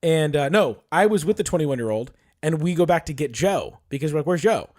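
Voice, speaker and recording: A man co-hosting a podcast, telling a long story in a casual, animated way with plenty of swearing. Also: fairly high pitch, a little fast. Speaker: podcast co-host. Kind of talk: casual chat.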